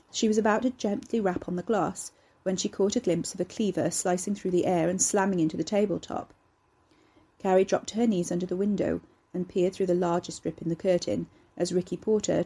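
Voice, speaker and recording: A woman narrating a serialized horror story in a steady, measured way. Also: on the low side, husky. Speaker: narrator and author. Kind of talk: serialized horror fiction reading.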